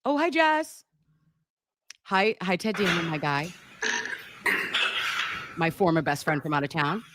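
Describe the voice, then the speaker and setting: A woman's voice: fairly low pitch, unhurried, background noise. A woman hosting a casual livestream from home, chatting with viewers in a playful, profane way. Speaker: livestream host.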